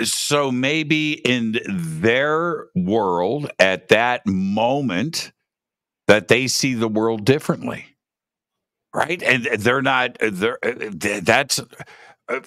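A man co-hosting a casual discussion, talking in an animated way and often repeating words while he thinks. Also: mid-range voice, no echo, clean studio sound. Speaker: podcast co-host.

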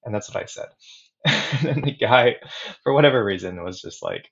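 A man's voice: mid-range voice, very animated, a little fast, creaky, highs cut off. A man telling a story on a podcast as a guest, laughing here and there as he talks. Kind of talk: casual conversation.

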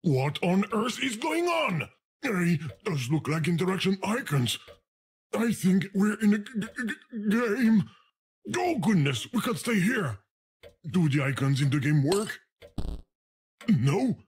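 A man's voice: sits high, very animated, unhurried, slight background noise. A man voicing a fussy, easily exasperated talking video game that scolds the player with indignant, panicky outbursts. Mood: alarmed. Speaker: game narrator character. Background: music.

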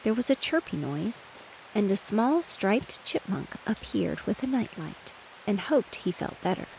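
A woman narrating a children's bedtime story in a gentle, even reading voice. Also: medium pitch, unhurried, creaky, a little hiss or hum. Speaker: audiobook narrator. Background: rain and distant thunder.

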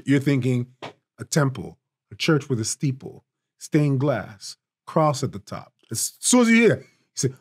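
A man's voice: on the high side, expressive, dry recording, studio quality. Emphatic man teaching Bible study. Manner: emphatic and conversational, rising for stress, drawing words out slowly.

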